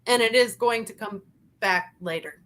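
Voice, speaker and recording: A woman hosting a casual review chat, talking in an animated, emphatic way and repeating her points. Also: a little high, moderate pace. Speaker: channel host.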